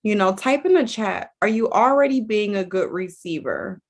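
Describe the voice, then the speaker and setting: A woman's voice: medium pitch, expressive, moderate pace. A woman coach talking casually to viewers in a rambling, chatty way, full of fillers and restarts. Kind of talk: casual livestream talk.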